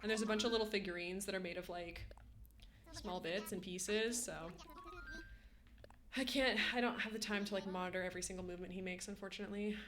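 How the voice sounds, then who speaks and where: A woman's voice: medium pitch, steady tone, brisk, a bit bright, faint music behind. A young woman streaming, chatting casually with her viewers and cooing at her cat in baby talk. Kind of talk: casual live-stream chat.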